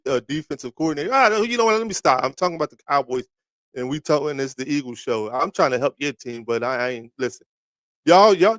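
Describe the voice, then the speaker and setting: A man hosting a live sports talk stream, rambling and animated as he trash-talks rival fans and stumbles over restarts. His voice sits a little high, and the sound is close and dry with no room echo. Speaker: sports talk livestream host. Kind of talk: casual sports talk to live chat viewers.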